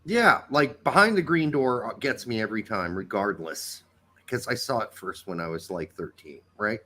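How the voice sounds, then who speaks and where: Profane, lively man on a podcast. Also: on the low side, moderate pace. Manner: profane, blunt, sardonic. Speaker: podcast co-host. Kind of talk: casual chat.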